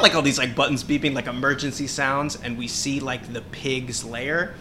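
A man rambles through a movie pitch on a podcast, filling it with fillers and swearing. His voice sits mid-range and sounds bright and lively. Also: normal speed, slight background noise. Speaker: podcast guest. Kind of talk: casual chat, pitching a movie.

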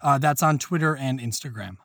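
A man co-hosting a casual podcast, talking in an exasperated, animated way with plenty of swearing. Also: medium pitch, fairly quick, no room sound, studio quality. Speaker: podcast co-host.

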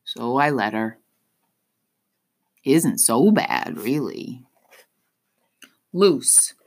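A woman narrating an audiobook in the first person with expressive, unhurried storytelling. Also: very deep voice.

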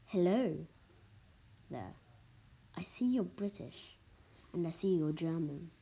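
A woman's voice: fairly low pitch, expressive, slow pace, dark tone. A woman reading as a scheming base commander. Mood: probing.

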